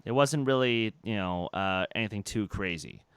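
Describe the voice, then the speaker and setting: A young man co-hosting a podcast, telling a story in casual chat, animated and full of fillers and restarts. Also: fairly low pitch, moderate pace, clear, resonant tone, dry recording. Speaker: podcast co-host.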